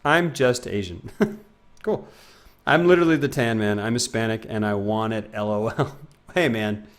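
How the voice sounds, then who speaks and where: A man's voice: lowish voice, normal speed. A young man streaming a game live, chatting casually with his viewers and rambling, self-mocking, often trailing off into mumbles.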